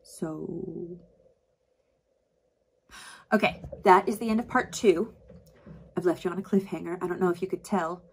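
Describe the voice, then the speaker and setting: A woman's voice: fairly low pitch, steady tone, unhurried, gravelly, long pauses, breathy edge. A woman chatting casually through a book recap while doing her makeup, filling every line with "like" and acting out quotes. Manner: chatty, filler-heavy, acts out quotes. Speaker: book vlogger.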